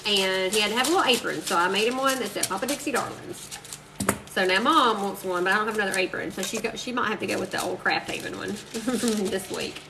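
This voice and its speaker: A fast-talking woman with a mid-range voice and vocal fry chats to her phone live stream while she crafts, telling rambling stories and calling her viewers "y'all." There's noise in the background.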